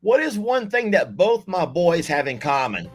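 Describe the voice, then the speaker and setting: A man's voice: sits high, sing-song, normal speed, husky, soft background music. A man hosting a live game night stream, chatting in a folksy way and reading viewer comments aloud. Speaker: livestream game host.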